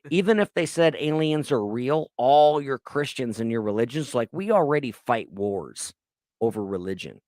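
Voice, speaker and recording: A man's voice: mid-range voice, normal speed, no room sound. Profane, rambling podcast guy, dry sound. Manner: profane, rambling, excitable storytelling. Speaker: podcast host. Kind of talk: casual chat. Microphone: laptop recording.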